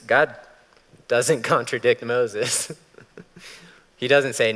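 A man's voice: mid-range voice, steady tone, slow pace, pauses often, a bit bright. A man preaching a sermon as pastor, talking casually and animatedly, acting out voices when he quotes. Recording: long hall reverb.

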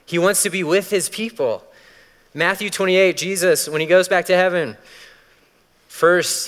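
Animated male pastor in a reverberant hall. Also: sits high, unhurried, pauses often. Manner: animated, acts out voices in quotes. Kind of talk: sermon.

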